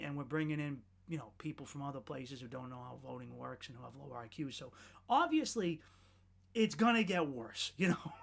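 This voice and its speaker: In a fairly high, gravelly voice, a man hosting a podcast launches into a profane, sardonic comedy rant. He keeps rambling and restarting, alternating loud outbursts with muttered asides.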